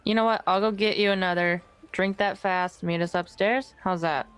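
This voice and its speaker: A woman playing a tabletop game, describing her character's actions and speaking in brisk, sassy banter. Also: medium pitch, fairly even intonation, clear, resonant tone, faint music behind. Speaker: player. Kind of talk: in-character roleplay.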